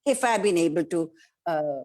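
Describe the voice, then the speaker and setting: A woman's voice: on the low side, lively intonation, normal speed, a little mellow. A woman with an Indian English accent, an actress giving an emphatic interview answer with rhetorical questions and acted-out quotes of other people. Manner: acts out quoted voices of family and society.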